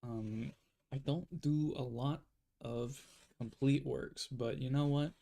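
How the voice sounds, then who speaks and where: A man's voice: medium pitch, steady tone, takes it slowly, gravelly, warm tone. A young man chatting casually while he draws on a stream, rambling and self-deprecating, with lots of fillers. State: yawning, tired. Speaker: art streamer. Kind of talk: casual drawing livestream chat.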